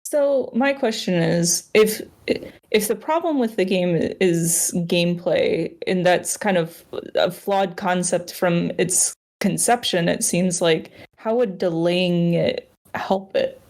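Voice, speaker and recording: Slow, questioning woman co-host. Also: fairly low pitch, a little mellow. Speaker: podcast co-host. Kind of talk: casual chat.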